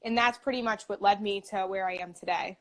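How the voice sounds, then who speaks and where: A woman's voice: mid-range voice, steady tone, fairly quick, fairly bright tone. A young woman in her twenties, a dietitian, talking about her path in a casual, upbeat interview, with lots of "like" fillers. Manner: chatty, upbeat, many "like" fillers.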